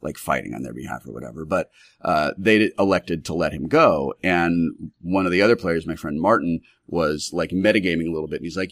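A man's voice: extremely low pitch, normal speed, gravelly, dry recording, studio quality. A man, a game master, casually telling a story from his tabletop game in a rambling way, full of fillers and restarts.

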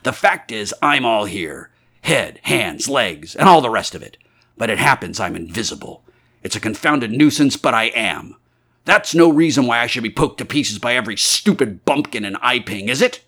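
A man's voice: medium pitch, very animated, a little fast, vocal fry, hardly any pauses, sharp tone, husky, heavily acted. A man doing a curt, indignant invisible man. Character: irritable proud invisible man.

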